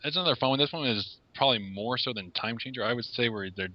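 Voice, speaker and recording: A man appearing as a guest reviewer on a podcast, calmly summarizing a film's plot. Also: mid-range voice, dry recording. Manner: measured, explanatory, summarizing plots. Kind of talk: casual interview. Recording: lo-fi podcast recording.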